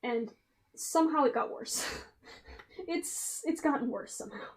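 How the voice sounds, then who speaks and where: An American woman streaming, chatting casually in an animated, incredulous way. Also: sits high, unhurried. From United States. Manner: animated, incredulous, laughs a lot. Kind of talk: casual livestream chat.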